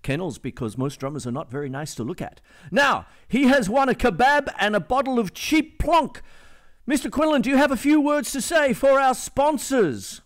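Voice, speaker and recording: A man's voice: very high voice, big pitch swings, moderate pace, pitched above the performer's own voice. A man voicing a cheeky, crude male commentator, giving a mocking running commentary at a drum contest. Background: loud live drum kit.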